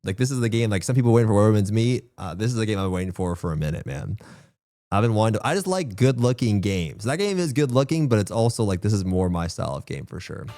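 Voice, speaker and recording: A man's voice: on the low side, very animated, fast talker, mellow, no room sound, studio quality. A man game streamer chatting casually with his viewers in rambling, profane slang. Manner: rambling, profane slang, says bro a lot.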